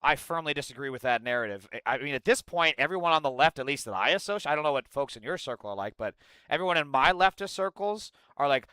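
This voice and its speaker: A male streamer with a bright, clean, crisp voice reacts on a live stream and answers his chat. He is animated and sweary. His close desk mic sounds dry, with no room in it. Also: mid-range voice, fast talker, no room sound, poor audio. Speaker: streamer reacting to an interview clip. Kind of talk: casual live-stream commentary.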